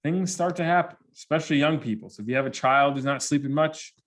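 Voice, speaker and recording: A man giving a humorous motivational presentation to students, telling lively stories and acting out the people in them. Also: on the high side, quick pace. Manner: animated storyteller who acts out characters. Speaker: motivational speaker.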